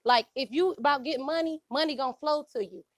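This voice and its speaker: A woman's voice: high voice, quick pace, no room sound, studio quality. A woman from Detroit on a discussion panel, talking casually and emphatically, often checking in with "you know what I'm saying". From Detroit, USA.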